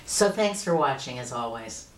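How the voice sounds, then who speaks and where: A woman's voice: very deep voice, animated, normal speed, reverberant, slight background noise, low-quality recording. A woman in her late fifties earnestly telling a personal story to the camera in a conversational way. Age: 50s. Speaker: vlogger.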